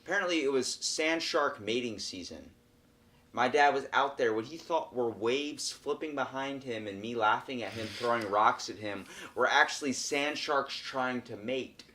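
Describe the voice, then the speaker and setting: A young man hosting a podcast, chatting casually and telling a story with lively acted-out voices. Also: medium pitch, moderate pace. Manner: animated storyteller, acts out quoted voices. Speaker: podcast host. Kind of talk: casual chat.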